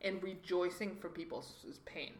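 Animated woman telling stories. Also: fairly low pitch, measured pace. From Mexico. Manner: animated, acts out quoted voices. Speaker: guest. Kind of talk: conversational storytelling. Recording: roomy echoey room.

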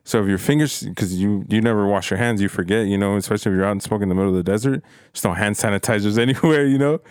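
A man telling a high school story in a laid-back way on a podcast, swearing often and using lots of fillers. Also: very fast, darkish tone, smooth, no echo, studio quality. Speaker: podcast guest. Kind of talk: casual storytelling chat.

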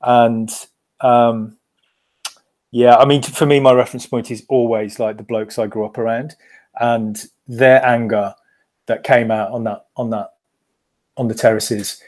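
A man in casual podcast chat, candid and animated, telling stories with many quick restarts. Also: medium pitch.

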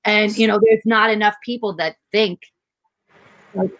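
A woman's voice: medium pitch, unhurried, no room sound, low-quality recording. A woman chatting casually, telling stories animatedly and acting out what people said. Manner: animated storytelling, acts out quotes. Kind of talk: casual chat.

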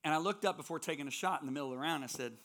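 A man's voice: fairly high pitch, rapid-fire, fairly bright tone. A man preaching as a guest speaker in a church, telling stories with strong emphasis. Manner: storytelling, emphatic. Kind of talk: sermon with personal stories.

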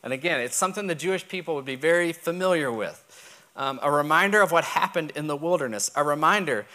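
A man's voice: fairly high pitch, quick pace, sharp tone. A man from Texas with a Texan accent, preaching and teaching, who repeats key points and checks that listeners follow. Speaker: pastor. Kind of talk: sermon teaching.

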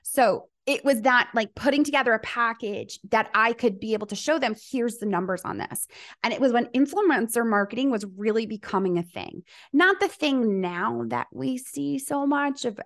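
Middle-aged woman chatting on a podcast, bit high pitched, tells stories and does the voices of people she talks about. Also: moderate pace. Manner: animated storyteller, acts out quoted dialogue. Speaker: business coach, podcast guest. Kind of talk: conversational interview.

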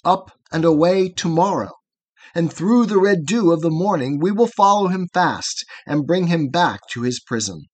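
A man's voice: on the high side, lively intonation, normal speed. A man voicing a cheerful, reassuring older herdsman in a poem read aloud, speaking in a blithe, fatherly way. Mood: hearty.

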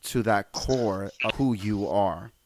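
A man hosting a casual interview who asks measured, supportive questions. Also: on the low side. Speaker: interviewer host.

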